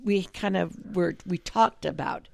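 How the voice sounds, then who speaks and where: A woman's voice: lowish voice, vocal fry, no echo. A woman co-hosting a drive-time radio show, backing up her partner with wry asides in casual chat. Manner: supportive listener, quick wry asides.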